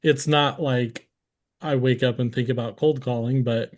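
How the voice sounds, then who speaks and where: A man's voice: medium pitch, measured pace. Easygoing man hosting a live chat. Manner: relaxed and rambling, many fillers and restarts. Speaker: host. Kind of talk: casual live-stream interview.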